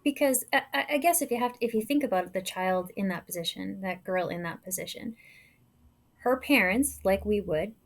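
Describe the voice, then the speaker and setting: A woman's voice: medium pitch, normal speed. A woman guest on a podcast, speaking earnestly and with conviction in conversation.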